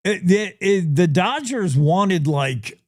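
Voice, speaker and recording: A man's voice: high voice, lively intonation, takes it slowly, no room sound. Male radio co-host, hesitant, lots of "uh", dry humor, dead-dry studio sound. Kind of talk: casual on-air banter.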